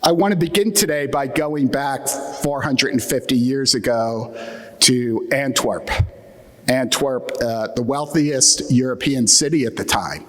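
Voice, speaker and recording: A man's voice: mid-range voice, a little slow. An American man with an Atlantic Midland accent gives a conference talk with dry, self-deprecating humor. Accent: Atlantic Midland American English. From United States. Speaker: conference keynote speaker. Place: conference hall. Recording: long hall reverb.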